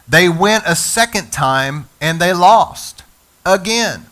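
A male pastor delivers an energetic sermon in a bright, forceful voice pitched a little high. He preaches directly to the congregation and calls on them to answer back. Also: measured pace.

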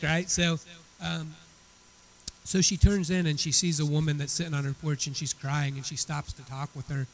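A man's voice: fairly high pitch, fairly even intonation, normal speed, creaky, rough recording. A man teaching a church Bible study. He retells a story in a conversational way and often repeats words as he restarts his sentences.

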